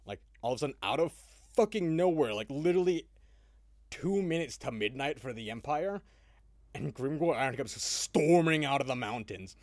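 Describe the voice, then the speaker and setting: Here a male podcast co-host talks at a moderate pace in a medium pitch, with no echo in the audio. The conversation is casual and profane, full of laughter and lively energy.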